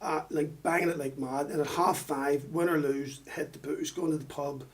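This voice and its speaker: An Irish man on a podcast, telling animated work stories in casual chat, swearing freely. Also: a little high, normal speed, distant mic. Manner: animated, swearing, laughing storyteller.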